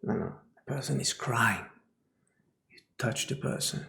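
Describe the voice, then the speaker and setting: A man teaches about spiritual matters at an unhurried, deliberate pace. His voice has a gravelly, creaky texture, and he often sinks to a near whisper for emphasis. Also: medium pitch, bright, forceful tone, echoey room. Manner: slow, often drops into a whisper.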